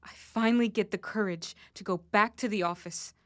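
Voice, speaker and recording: A woman playing a young woman harassed at her office, speaking in halting, emotional lines of a spoken word drama. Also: mid-range voice, dry recording, clean studio sound, close to an everyday voice. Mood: anguished. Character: young woman harassed at work after an assault.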